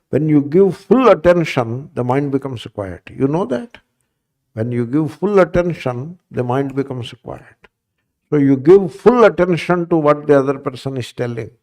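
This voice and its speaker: A Vedanta teacher gives a spiritual class lecture, repeating his points and asking his listeners questions to check in. His voice runs on the high side with a darkish tone.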